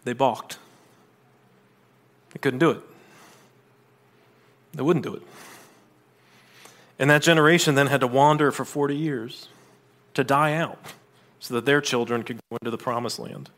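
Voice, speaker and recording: A man preaching a sermon in a conversational manner, with asides and quick restarts. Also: mid-range voice, fairly bright tone. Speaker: pastor.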